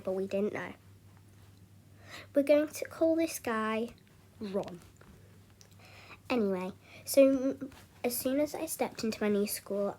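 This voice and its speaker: A woman's voice: on the high side, dark tone, a little hiss or hum. Young woman telling a chatty storytime. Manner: chatty, loose storytelling with frequent "anyway, so" restarts. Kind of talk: casual storytime narration.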